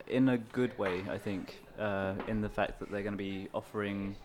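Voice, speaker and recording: A man co-hosting a casual gaming chat, giving a relaxed, filler-heavy news rundown. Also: fairly low pitch, normal speed, noisy background. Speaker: podcast co-host.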